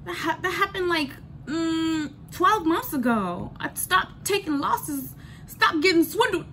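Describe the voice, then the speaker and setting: Blunt, profane high-voiced woman. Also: big pitch swings, measured pace, bright, forceful tone, slight background noise. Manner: blunt, profane, emphatic, repeats lines for effect. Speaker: vlogger. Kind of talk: candid storytime rant.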